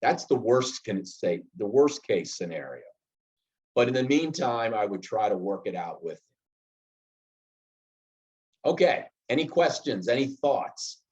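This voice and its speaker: A man's voice: fairly low pitch, sing-song, moderate pace, darkish tone. A middle-aged man teaching a leadership class, walking through workplace examples step by step and acting out short bits of dialogue. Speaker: leadership trainer. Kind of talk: classroom lecture. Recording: slightly dull lo-fi sound.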